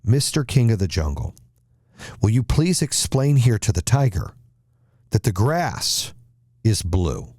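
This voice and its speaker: A man's voice: on the low side, very animated, measured pace, pauses often, darkish tone, dry recording, studio quality. A man voicing a stubborn, foolish male donkey who insists and pleads in a told joke. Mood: insistent.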